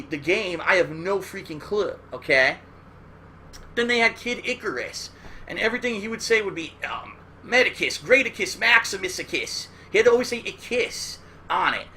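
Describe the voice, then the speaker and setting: A man's voice: sits high, animated, normal speed, bright, forceful tone, slight background noise. A man hosting a casual, rambling look back at old cartoons, profane and loose, often checking in with "all right?". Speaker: host. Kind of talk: casual retrospective commentary.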